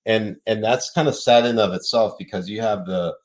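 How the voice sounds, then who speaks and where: A man hosting a casual political chat show, animated and laughing often as he reads out news stories. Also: lowish voice, moderate pace. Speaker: podcast host.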